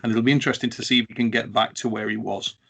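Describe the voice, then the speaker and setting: A man co-hosts a relaxed conversation at a middling pitch. He talks in halting bursts, often stopping to restart a phrase before he goes on. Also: gravelly. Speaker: co-host. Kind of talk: casual chat.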